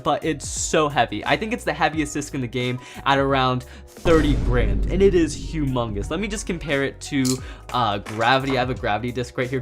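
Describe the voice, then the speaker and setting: A man hosting a casual toy unboxing and review, eager and excitable, laughing often and restarting his sentences. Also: on the high side. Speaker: toy reviewer and channel host.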